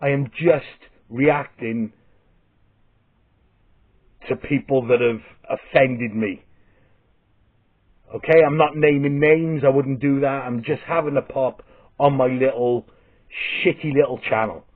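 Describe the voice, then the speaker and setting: Taking his time and pausing often, a steady-toned Welsh man with a mid-range voice tells a rambling comic story. He's a vlogger and comedian, sweary and blunt, with restarts, recorded with phone-like tinniness.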